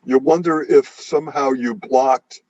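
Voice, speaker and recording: Husky-voiced man hosting over a dull call. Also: mid-range voice, fairly even intonation, a little slow, no room sound. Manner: sympathetic, reflective, asks gently. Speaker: interview host. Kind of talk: casual interview chat. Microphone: video call. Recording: dull, dry video-call audio.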